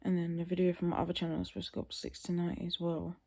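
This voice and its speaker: Tired young woman vlogger rambling, half asleep, bit of vocal fry, dark mellow voice. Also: fairly low pitch, level tone, very fast. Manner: rambling, tired, trailing off into mutters. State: sleepy, yawning. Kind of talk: casual chat to camera.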